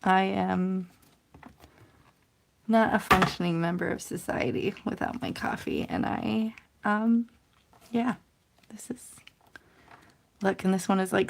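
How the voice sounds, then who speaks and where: A woman's voice: mid-range voice, fairly even intonation, slow pace, vocal fry, pauses often, very noisy. A woman in her thirties hosting a casual crafting livestream, chatting to viewers in a self-deprecating, rambling way. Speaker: crafting channel host. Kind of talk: casual livestream chat while stamping and coloring.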